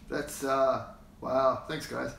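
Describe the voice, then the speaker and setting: A man's voice: medium pitch, creaky, a bit bright, roomy sound, a little hiss or hum. An Australian man hosting a casual livestream, rambling and chuckling as he greets viewers by name, talking into a phone held in his hand. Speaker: hobby channel host.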